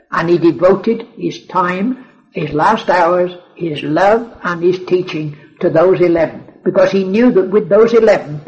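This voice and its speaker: Preacher, male, high voice, earnest and emphatic, repeats key phrases. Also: muffled recording. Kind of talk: sermon.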